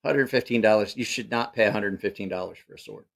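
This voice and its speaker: A man's voice: on the low side, fast talker, gravelly. A man hosting a live stream, reacting in incredulous, mocking, profanity-laced rants and laughing at what he sees. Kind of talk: casual live-stream commentary.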